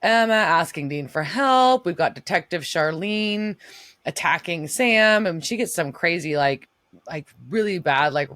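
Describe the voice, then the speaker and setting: A woman's voice: lowish voice, animated, a little slow, fairly bright tone, no room sound, studio quality. A woman co-hosting a podcast, recapping an episode in casual chat, swearing and acting out the characters' lines. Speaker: podcast co-host. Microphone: remote recording setup.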